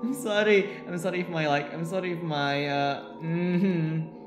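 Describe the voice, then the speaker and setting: A streamer nervously commenting live while playing a horror game, repeating short phrases and swinging between soft murmurs and sudden yelps. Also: medium pitch, steady tone, unhurried. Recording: roomy sound with game music. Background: game music.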